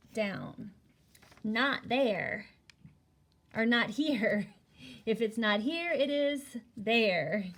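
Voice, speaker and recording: A woman teaching a phonics lesson to young children, slowly and patiently spelling words out letter by letter. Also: a little high, gravelly.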